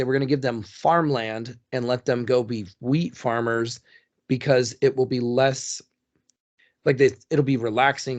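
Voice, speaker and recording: A man co-hosting a casual history podcast, rambling with restarts and jokey asides. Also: medium pitch. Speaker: podcast co-host.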